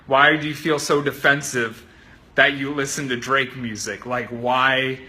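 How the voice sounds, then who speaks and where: A man voicing a pushy, profane male online success coach who swears through an aggressive sales pitch. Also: level tone, measured pace, bright, forceful tone. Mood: probing.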